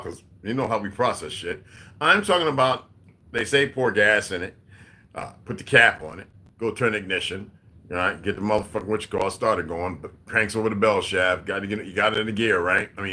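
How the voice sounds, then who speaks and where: Man with a forceful, bright voice. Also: lowish voice. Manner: profane, animated and preachy. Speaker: video host. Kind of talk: rambling monologue.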